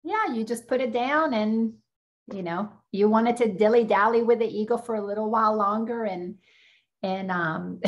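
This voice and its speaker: A woman hosting a spiritual workshop on a video call, affirming and gently teaching the person she is talking to. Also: medium pitch.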